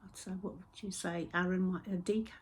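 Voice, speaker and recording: A woman hosting a crafting podcast, chatting casually and rambling, with soft whispered asides. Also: lowish voice, fairly even intonation, brisk, a little hiss or hum. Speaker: host of a knitting and spinning podcast. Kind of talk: casual chat.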